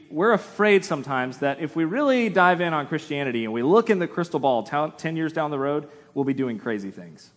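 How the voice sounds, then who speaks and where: Male preacher, mid-pitched, chatty and wry, with a long church-hall echo. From United States. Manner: conversational, self-deprecating humor. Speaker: pastor. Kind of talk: sermon.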